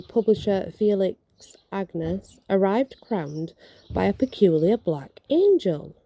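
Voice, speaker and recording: A woman with a very bright, sharp voice reads ghost stories aloud outdoors. She trips over words, corrects herself and adds casual asides between the tales. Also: mid-range voice, creaky. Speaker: vlogger reading ghost stories.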